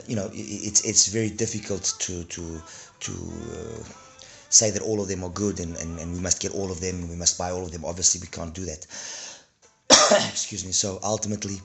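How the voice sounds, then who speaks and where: A man with a hoarse voice from a throat infection and cold, reviewing earphones in a rambling, casual way with many fillers and restarts. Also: sits low, a bit bright.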